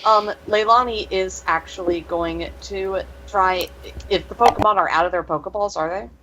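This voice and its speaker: A woman's voice: medium pitch, dull audio, noisy background. A woman playing a tabletop role-playing game, narrating her characters' actions hesitantly. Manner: hesitant, halting. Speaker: player. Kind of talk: tabletop role-play chat.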